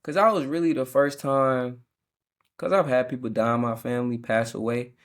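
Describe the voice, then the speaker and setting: Young man, podcast host, relaxed slangy delivery, halting and self-correcting, average pitch. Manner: casual slangy talk with many restarts. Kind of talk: reflective faith podcast monologue.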